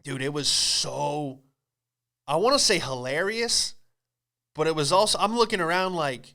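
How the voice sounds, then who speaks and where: A man hosting a comedy podcast, telling a story in an animated, profane, exclamatory way. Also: a little high, unhurried, gravelly.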